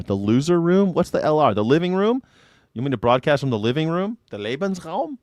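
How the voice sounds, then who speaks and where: A man's voice: a little high, big pitch swings, fairly quick, no echo, clean studio sound. A man hosting a live news reaction stream, talking casually, joking and mocking, swearing freely. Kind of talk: casual livestream commentary.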